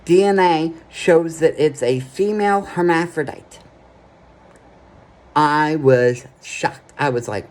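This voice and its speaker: A man's voice: a little high, slow pace. A man telling a personal story straight to camera in an earnest, emphatic way, often stopping to ask "okay?". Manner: keeps checking in with "okay?" between points; earnest, emphatic, plain-spoken. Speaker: vlogger.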